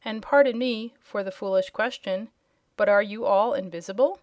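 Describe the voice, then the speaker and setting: Polite little old wizard guy in a storybook, woman reading him, measured and gentle, dry close sound. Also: medium pitch, dry recording, dull audio, close to an everyday voice.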